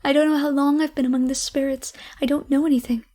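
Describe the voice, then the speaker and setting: Woman reading a giddy old miser, exclaiming away, voice sits high. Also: level tone, fast, dark tone, close to an everyday voice. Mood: ecstatic. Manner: fervent, exclaiming, breathless. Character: old miser man, overjoyed and repentant. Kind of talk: audiobook character reading.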